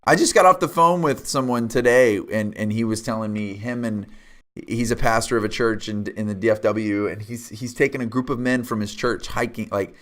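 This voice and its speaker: A man's voice: fairly low pitch, a little fast, a bit bright. A man co-hosting a casual movie review podcast, speaking in an earnest, reflective way and often repeating words. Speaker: podcast co-host.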